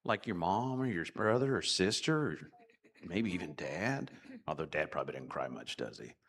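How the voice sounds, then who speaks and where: Animated man telling children a story. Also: deep voice, normal speed. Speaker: children's director. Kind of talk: children's message in church.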